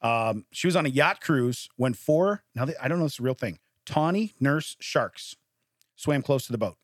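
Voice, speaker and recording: Laughing, lively man reading weird news. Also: medium pitch, moderate pace, no echo, studio quality. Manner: laughs often, animated storytelling. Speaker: podcast co-host. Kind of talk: casual chat, reading odd news stories.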